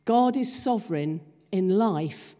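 A woman preaching a sermon, slow and emphatic, drawing the congregation in with questions. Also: mid-range voice, animated, a little mellow. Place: church hall. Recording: long reverb of a church hall.

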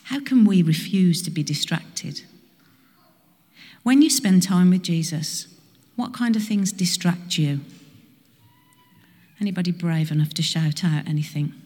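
A woman's voice: lowish voice, a little slow, pauses often, a little mellow. A woman preaching a sermon to a congregation, often asking the listeners questions. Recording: reverberant hall.

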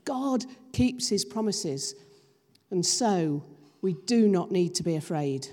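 A woman preaching a sermon, slow and emphatic, drawing the congregation in with questions. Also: on the low side, animated, mellow. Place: church hall. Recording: long reverb of a church hall.

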